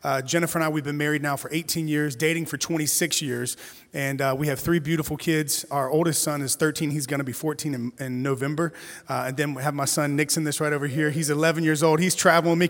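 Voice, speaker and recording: A man in his forties preaching as a guest pastor, chatty and animated, with playful storytelling asides. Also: on the high side, fast talker. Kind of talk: sermon. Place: church sanctuary. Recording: reverberant church hall.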